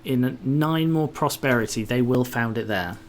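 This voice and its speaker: A man's voice: mid-range voice, unhurried, a little hiss or hum. Grumbling, sweary man narrating gameplay. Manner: grumbling, sweary, muttering to himself. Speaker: gameplay commentator. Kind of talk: casual gameplay commentary.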